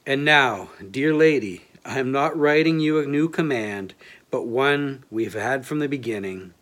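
A man's voice: medium pitch, measured pace, a bit bright. A man preaching a sermon in a plain, self-deprecating way, reading aloud from a book and from scripture.

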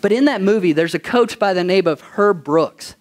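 A pastor preaching a sermon, asking the congregation questions for call-and-response and telling stories with animation. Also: male voice, high-pitched, normal speed. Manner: animated storytelling.

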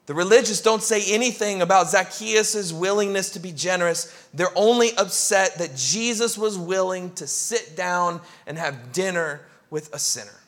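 A male pastor preaching a sermon, telling a story with lively acted-out crowd voices. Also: high voice, moderate pace, hardly any pauses.

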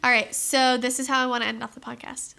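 Bright, gravelly young woman co-host. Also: sits high, flat delivery, quick pace. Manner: chatty, giggly, lots of "like" fillers. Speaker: podcast co-host. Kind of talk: casual chat.

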